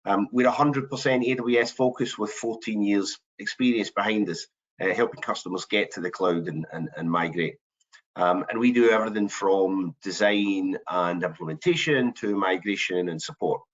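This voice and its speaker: A man's voice: fairly low pitch, moderate pace. A man hosting a business webinar, hesitant, with frequent ums and restarts. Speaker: webinar host. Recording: dull lo-fi online call audio.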